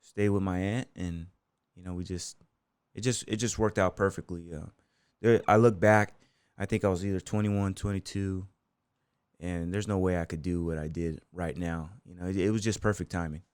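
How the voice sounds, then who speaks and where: A man's voice: low-pitched, steady tone, moderate pace, a little mellow, clean tone, no room sound. A man from the United States, a podcast guest telling casual stories in a loose, rambling way, full of fillers like "you know" and "man". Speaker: podcast guest, bull rider and gym owner. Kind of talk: casual storytelling interview.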